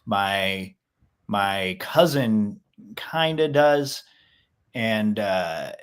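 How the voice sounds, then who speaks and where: A man's voice: fairly low pitch, lively intonation, drawn-out words, clear, resonant tone. Rambling podcast co-host, man. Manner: rambling, many fillers, laid-back. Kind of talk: casual chat.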